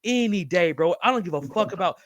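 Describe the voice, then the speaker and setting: A man's voice: high voice, expressive, fast, a bit bright. A man hosting a podcast, talking in an effusive, profane way and saying bro over and over. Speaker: podcast host. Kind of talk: casual podcast interview.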